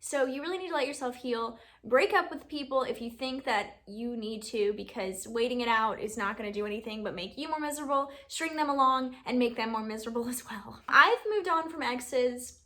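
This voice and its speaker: A young woman from Alabama talks through a casual Q&A vlog. She rambles, fills her talk with "like", and laughs often. Her voice is bright and a little high. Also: a little fast, few pauses. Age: 20s. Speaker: beauty YouTuber.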